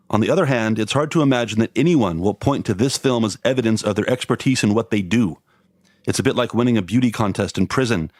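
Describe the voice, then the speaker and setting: A man reviews a film with dry, sardonic, deadpan wit, first reading his script and then chatting with a co-host. His voice sits on the low side and comes across close and dry, with no room sound around it. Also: no room sound. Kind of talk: scripted review read aloud, then casual chat.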